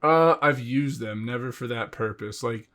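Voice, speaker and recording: A man's voice: mid-range voice, fairly bright tone. A young man in his twenties, a guest on a podcast, joking drily in casual chat. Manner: dry joking, quick to laugh.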